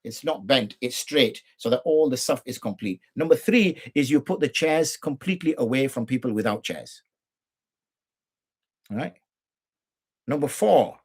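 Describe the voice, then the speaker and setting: A middle-aged man teaching rules of prayer on a live show, arguing his points with rhetorical questions and imitating the people he corrects. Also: medium pitch. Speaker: Islamic jurist teaching.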